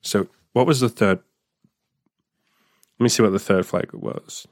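A man's voice: on the low side, measured pace, dry recording, clean studio sound. A young man telling a story from his diary in a casual podcast monologue, swearing often and reacting aloud as he reads. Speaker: podcast host reading his old diary.

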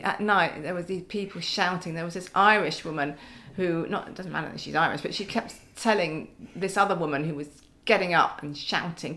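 A woman's voice: fairly low pitch, fairly bright tone, slight background noise. A middle-aged woman, a podcast guest telling stories in casual chat with wry humour and frequent laughter.

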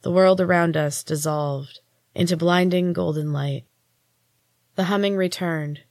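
A woman narrating a story in the first person, in an even, measured reading as a podcast host. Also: fairly low pitch, no echo, clean studio sound.

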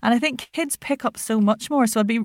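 A woman who is a voice actor and accent coach, chatting as a podcast guest in an animated way, laughing often and using many fillers. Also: a little high, brisk. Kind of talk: casual interview chat.

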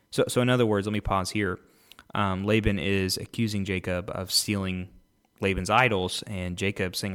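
A man reads scripture aloud on his podcast in a fairly low voice. Every so often he breaks off to comment in a relaxed, self-correcting way before picking the reading back up. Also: clear, resonant tone. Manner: casual, self-correcting, reads aloud then pauses to explain. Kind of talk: unscripted Bible reading with commentary.

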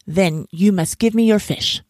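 A woman's voice: medium pitch, a little slow, darkish tone, no echo, studio quality, pitched above the performer's own voice, lightly acted. A woman voicing a greedy, grumbling male monkey who squeals his demands and puts on false politeness. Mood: angry.

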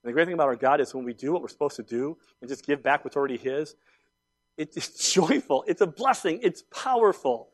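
A high-pitched man in his fifties delivers a sermon built around personal stories. He talks in an animated, emphatic way, dropping into quiet asides and then rising into loud outbursts. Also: a little fast. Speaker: pastor.

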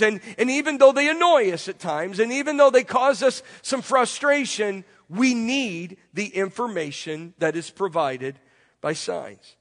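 A man delivers a sermon in a congested, fairly high voice, throwing rhetorical questions at his listeners and stacking repeated phrases. His words trail off into a long reverb. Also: a bit bright. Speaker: pastor. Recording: long reverb from a large room.

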